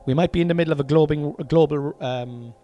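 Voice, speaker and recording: A man's voice: on the high side, quick pace, highs cut off, faint music behind. An Irish man hosting a casual solo podcast from a room at home, rambling along, cutting himself off mid-sentence and swearing freely. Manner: rambling, self-interrupting, sweary and chatty. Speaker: podcast host.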